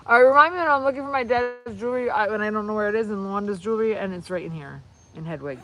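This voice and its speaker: A woman hosting a casual livestream on her phone while crafting, rambling and excitable, often breaking off mid-sentence. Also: mid-range voice, quick pace, rough recording. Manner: rambling, excitable, self-interrupting. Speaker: channel host.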